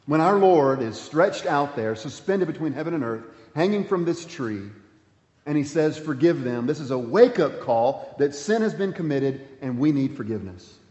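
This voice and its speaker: A man pastor preaching a sermon, swinging between emphatic points and hushed, quiet passages. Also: mid-range voice. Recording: echoey hall, dull sound.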